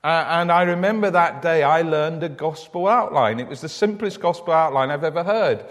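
A man's voice: fairly high pitch, moderate pace, fairly bright tone. A man preaching a sermon in a church, telling stories in an earnest way and often repeating words as he starts a thought. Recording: long church reverb.

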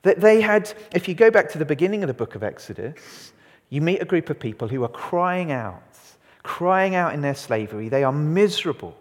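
A man preaching a sermon, animated and asking his congregation questions. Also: a little high, a little fast. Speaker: pastor. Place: church hall. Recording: long hall reverb.

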